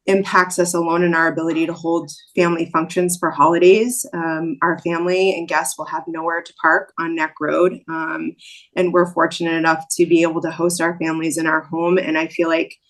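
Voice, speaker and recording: Low-voiced woman at a town hearing, lots of ums, pretty flat delivery. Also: brisk. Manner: hesitant, with frequent ums. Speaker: resident giving public comment. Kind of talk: public comment at a town board hearing.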